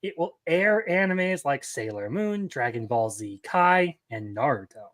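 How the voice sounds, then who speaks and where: A man's voice: on the high side, a little slow, dry recording. Laid-back young man, dry sound. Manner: relaxed, easygoing, with frequent ums. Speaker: podcast co-host. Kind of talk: casual chat.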